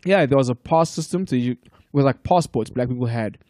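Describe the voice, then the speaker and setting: A man in his thirties from South Africa chats casually on a podcast. He tells his stories in a loose, unhurried way, swears freely and laughs easily, recorded close and dry with no room sound. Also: mid-range voice, no room sound. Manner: relaxed storyteller, profane, laughs often. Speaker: podcast guest. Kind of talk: casual chat.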